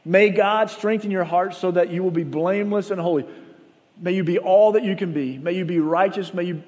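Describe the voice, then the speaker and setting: A man with a high voice preaches a sermon in an earnest, conversational way. His words ring out with a long reverb, as in a large hall. He acts out the people in his stories. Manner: earnest, conversational storytelling with animated retold dialogue. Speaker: pastor.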